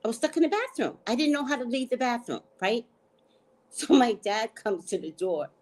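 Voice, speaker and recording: A woman host telling a story in a casual chat, animated and laughing, salty, often checking in with "right?". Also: fairly high pitch, normal speed. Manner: frank, salty slang.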